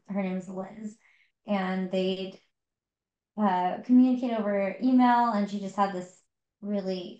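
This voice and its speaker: A woman's voice: mid-range voice, reverberant, poor audio. A woman co-hosting a podcast, chatting casually about a book with lots of fillers and restarts. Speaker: podcast co-host. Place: home.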